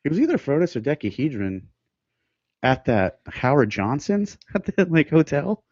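A man, a musician chatting casually on a podcast and telling rambling stories with quick laughs. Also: fairly high pitch, sing-song, darkish tone, husky, dry recording. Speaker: guest musician. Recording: dry, dull lo-fi sound, mic too close to mouth.

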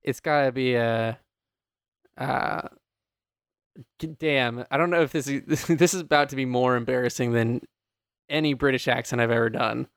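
A man's voice: mid-range voice, fairly even intonation, moderate pace, vocal fry, pauses often, smooth. A man co-hosting a podcast in casual chat, jokey and swearing, often laughing. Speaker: podcast co-host.

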